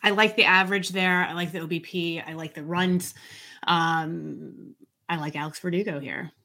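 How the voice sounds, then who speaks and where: A woman's voice: on the low side, steady tone, normal speed, gravelly, sharp tone. A woman analyst explaining her fantasy baseball picks casually, thinking aloud as she goes. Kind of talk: casual draft chat.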